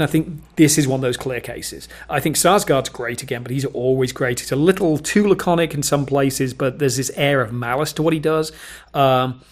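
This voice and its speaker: A man co-hosting a casual film review chat, talking thoughtfully with frequent restarts and fillers. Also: mid-range voice. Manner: thoughtful, hesitant, many restarts. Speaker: film review podcast co-host.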